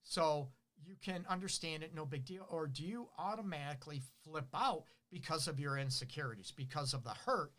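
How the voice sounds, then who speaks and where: A middle-aged man giving relationship advice on his own show. His talk is casual and lively, full of rhetorical questions and little acted-out lines from couples. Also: fairly high pitch, moderate pace, few pauses. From Detroit. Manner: animated, asks rhetorical questions, acts out partners' lines. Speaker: relationship counselor hosting a show.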